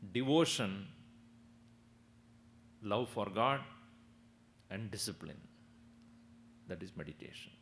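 Animated spiritual teacher. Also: male voice, fairly low pitch, slight background noise. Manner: animated, chuckling, asks the audience questions. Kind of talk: discourse with storytelling.

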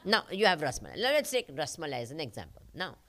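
A spiritual teacher with an Indian accent giving a talk to a live audience, asking rhetorical questions and pausing for the answers. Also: female voice, low voice, huge pitch swings, a bit bright. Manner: questioning, rhetorical, uses call-and-response.

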